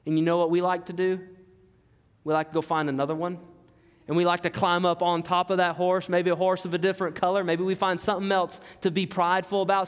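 A man's voice: high voice, clean tone. A man preaching a sermon as pastor, emphatic and repetitive, asking his listeners rhetorical questions. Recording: long hall reverb.

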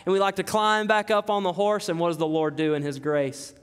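A man with a high voice preaches a sermon, pressing his points home with repetition and rhetorical questions. His words ring out with a long reverb, as in a large church sanctuary. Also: little pitch movement, brisk, clean tone. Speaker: pastor.

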